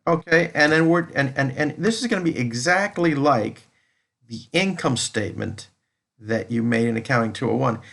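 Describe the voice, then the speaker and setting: A man's voice: medium pitch, moderate pace, vocal fry, a bit bright. A man lecturing on accounting over a screen recording, explaining step by step and restating each point. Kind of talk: recorded lecture walking through a spreadsheet.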